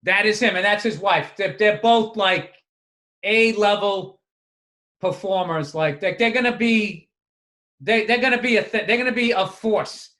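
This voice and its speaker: A man's voice: sits high, a little slow, bright, forceful tone. A man, a comedian and podcast co-host, rambling in casual, profane chat and restarting his sentences often.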